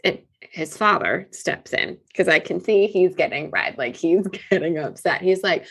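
A woman's voice: on the low side, a little slow, breathy edge. A woman in her forties hosting an insurance talk show, telling a family story in a casual chat and acting out the voices she quotes. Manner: animated, acts out quoted voices. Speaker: insurance podcast host.

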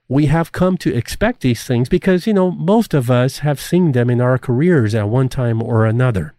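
A middle-aged man teaching an online course, speaking in an earnest, deliberate way and rising in pitch on the points he stresses. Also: warm tone, no echo. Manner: earnest, deliberate delivery with emphatic rises. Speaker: course instructor. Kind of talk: scripted course lecture.

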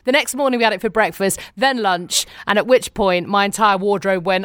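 A woman's voice: brisk, clear, resonant tone, dry recording, studio quality. A woman co-hosting a podcast in bubbly, casual chat, laughing often. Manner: bubbly, laughs often, lively swings in pitch. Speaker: podcast co-host.

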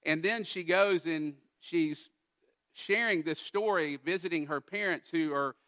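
A man delivers a sermon to his congregation, earnest and pressing his points home with emphasis. His voice sits a little high and rings bright. He speaks as a pastor addressing his church. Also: unhurried. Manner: earnest, builds to emphatic exhortation.

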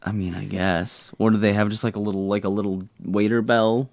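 A man's voice: fairly low pitch, flat delivery, fairly quick, gravelly, darkish tone, no echo. A man co-hosting a podcast, recapping a TV episode in casual chat with jokey, rambling asides. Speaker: podcast co-host.

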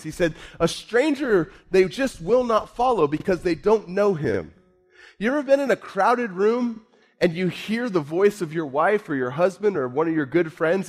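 A man preaching a sermon, moving from low, quiet musing to raised, emphatic points, slowing down and repeating words for emphasis. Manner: repeats himself, speaks slowly for emphasis. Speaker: pastor.

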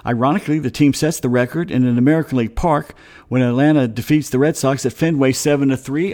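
Talking fast in a medium-pitched, slightly mellow voice, this middle-aged man hosts a casual sports radio show. Reading from baseball history, he wanders off into rambling stories and chuckles frequently.

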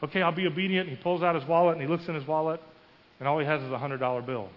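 A man's voice: on the high side, fairly even intonation, very fast. Man preaching in a reverberant church. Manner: storytelling, acting out quoted voices with rising emphasis. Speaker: pastor. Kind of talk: sermon. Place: church sanctuary. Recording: muffled with long hall reverb.

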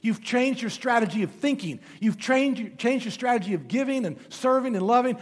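A male pastor preaching a sermon and telling stories, moving between loud emphatic lines and hushed, low passages. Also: lively intonation, normal speed. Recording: long hall reverb.

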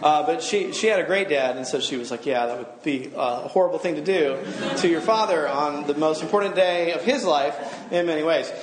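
A man's voice: a little high, normal speed, hardly any pauses, echoey room, crowd noise. A middle-aged man giving a sermon to a gathered audience, talking casually, joking and asking the room questions. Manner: conversational, humorous, asks the room questions. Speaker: campus minister.

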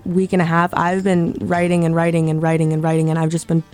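A woman's voice: sits low, monotone, fast, darkish tone, soft background music. A young woman, a singer-songwriter guest in a radio studio, talking casually with lots of fillers. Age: young adult. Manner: casual, filler-heavy, bubbly. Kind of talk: casual interview chat.

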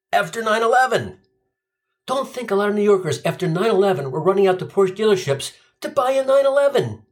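A comedian telling a profane, sardonic stand-up story. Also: medium pitch. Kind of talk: stand-up routine.

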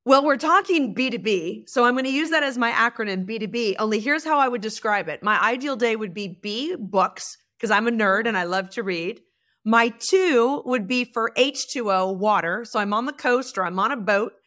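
A woman with a slightly high voice talks as a guest coach in a relaxed interview. She tells stories with lively energy and laughs often. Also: moderate pace. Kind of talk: casual interview chat.

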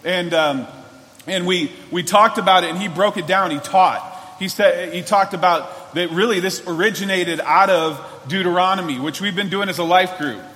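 Bright-voiced pastor preaching in a church hall. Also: male voice, high-pitched, normal speed. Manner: earnest, conversational preaching with many restarts. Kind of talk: sermon.

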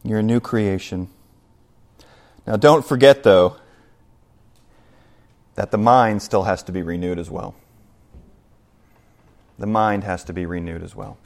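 A man's voice: fairly low pitch, a little slow, gravelly, pauses often. Emphatic male pastor preaching. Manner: emphatic, swings between loud and hushed. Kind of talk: sermon. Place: church.

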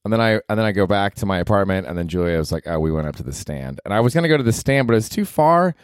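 A male comedian hosting his podcast, rambling casually and profanely, his pitch leaping up for emphasis. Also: animated, rapid-fire, clean tone, dry recording, studio quality.

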